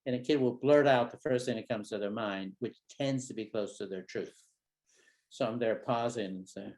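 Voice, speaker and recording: A man giving a conference keynote, acting out talks with a child in a gentle, wondering tone. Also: medium pitch, moderate pace. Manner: animated, acts out conversations with a child in a gentle, wondering tone. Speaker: keynote speaker, psychologist. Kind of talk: conference lecture with acted-out dialogues. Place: conference hall.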